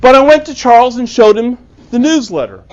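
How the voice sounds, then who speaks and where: High-voiced man telling a story. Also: expressive, brisk, a little mellow. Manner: earnest, acts out quoted dialogue. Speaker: author giving a presentation to a club. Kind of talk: storytelling talk. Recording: dull lo-fi recording.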